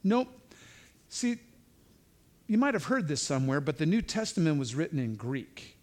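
A man's voice: a little high, big pitch swings, normal speed. A man giving an informal verse-by-verse Bible teaching, talking conversationally with frequent asides and restarts.

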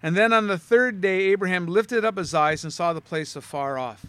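Male Bible teacher with a conversational style who asks the listeners questions, higher voice, dry sound. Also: normal speed, fairly bright tone, clean tone, dry recording.

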